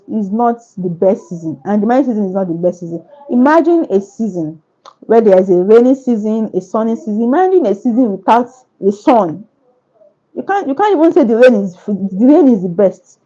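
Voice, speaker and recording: A woman's voice: mid-range voice, dark tone. Earnest woman author, lo-fi sound. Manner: earnest, repetitive, preacher-like phrasing. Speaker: author at book launch. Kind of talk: answering questions at a book launch.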